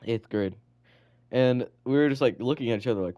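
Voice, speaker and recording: A man's voice: mid-range voice, fairly quick, warm tone, slight background noise. A teenage boy co-hosting a student podcast, telling rambling stories in casual chat full of "like" and swearing. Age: teens.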